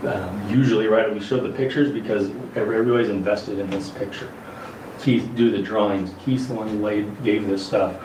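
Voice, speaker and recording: A man calmly explaining on a reality show, measured and hesitant with frequent restarts. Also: fairly low pitch. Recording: roomy distant clip with noisy background.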